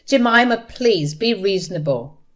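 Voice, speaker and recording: A woman's voice: medium pitch, lively intonation, measured pace, close to an everyday voice. A woman voicing a desperate middle-aged mother-in-law who pleads and sounds indignant. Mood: pleading.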